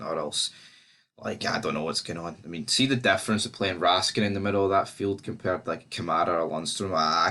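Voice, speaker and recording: A man with a Scottish accent giving a casual, sweary football match preview on his vlog. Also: low-pitched. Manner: sweary and animated, fan talk. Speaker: football fan vlogger.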